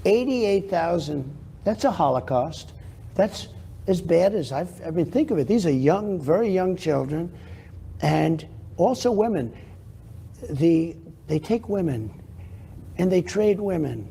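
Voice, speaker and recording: Speaking unhurriedly in a sing-song manner, an older New Yorker on a television interview gives boastful, wandering replies that keep looping back to his own points. His gravelly, very dark voice sits a touch above the usual male pitch, and there's slight background noise.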